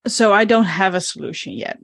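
A woman's voice: mid-range voice, brisk, creaky, no room sound, studio quality. A woman speaking as her character in a tabletop role-playing game, hesitant with many fillers.

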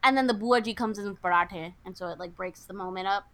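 A woman's voice: medium pitch, fast talker, fairly bright tone. A woman chatting casually on a podcast, recapping a film and acting out the characters' lines.

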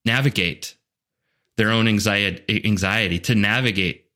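A man's voice: fairly low pitch, moderate pace, sharp tone. A man speaking as a guest on a podcast interview. He is a leadership coach and talks earnestly and animatedly, with frequent "like" fillers and restarts.

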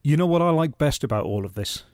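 A man's voice: fairly high pitch, expressive, fast talker, darkish tone, dry recording. A British man co-hosting a podcast, reviewing a TV episode in casual chat with dry, wry humour. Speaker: podcast co-host.

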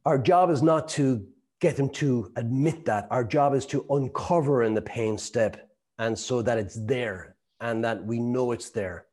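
A man's voice: mid-range voice, a little slow, darkish tone. A man in middle age runs a sales training session. He talks in a chatty, storytelling way, laughs along as he goes, and slips into little acted voices for the people he quotes. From Ireland. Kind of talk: lecture to a live group.

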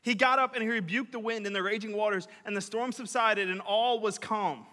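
A young man preaching a casual, energetic sermon, chatty and full of fillers, swinging between loud and quiet. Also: sits high, fairly quick. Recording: reverberant hall.

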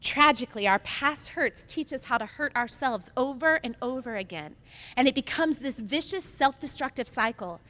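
A woman pastor with a high voice preaches a sermon, moving from storytelling into emphatic, repeated lines. Her voice rings out with the long reverb of a large hall. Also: lively intonation, normal speed, sharp tone.

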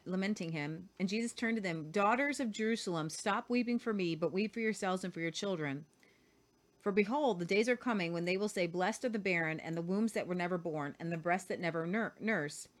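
A woman co-hosting a Christian show, reading scripture aloud with casual commentary. She reads earnestly and sometimes stumbles and repeats words. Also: fairly low pitch.

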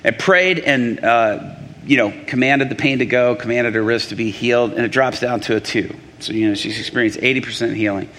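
A man in the middle of a testimony sermon, telling his story with animated energy, stumbling and restarting as he goes. His voice sits at an ordinary pitch for a man, and it rings with a long reverb, as if the mic were picking up a big hall. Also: a little fast.

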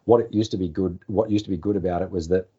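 An Australian man in his forties, a former sports journalist, telling relaxed anecdotes in a podcast interview. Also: sits low, quick pace, slightly rough. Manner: relaxed, anecdotal, acts out quoted phone calls. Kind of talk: casual storytelling interview. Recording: slightly dull podcast audio.

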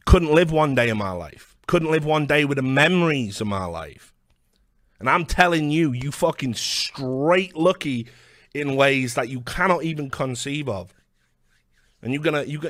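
A man's voice: mid-range voice, lively intonation, normal speed, fairly bright tone, no echo, studio quality. A British man delivering a heated, profane video rant, combative and full of stammered restarts. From Britain. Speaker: online commentator.

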